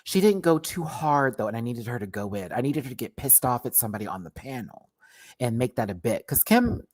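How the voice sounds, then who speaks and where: A man's voice: medium pitch, expressive, fairly quick, a little mellow, husky. A man casually reviewing a drag show on a livestream, sassy and slangy, laughing often and playfully exaggerating.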